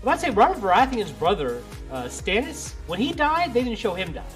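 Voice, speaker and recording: A man's voice: high-pitched, a little fast, soft background music. A man co-hosting a podcast in casual chat, joking and slangy as he recaps an episode. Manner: joking, slangy, animated storyteller. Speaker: podcast co-host.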